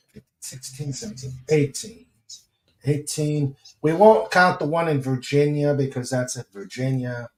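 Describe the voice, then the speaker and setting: A man hosting a podcast in casual chat, reading listener messages aloud and counting slowly. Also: medium pitch, roomy sound, slight background noise, low-quality recording. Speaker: podcast host.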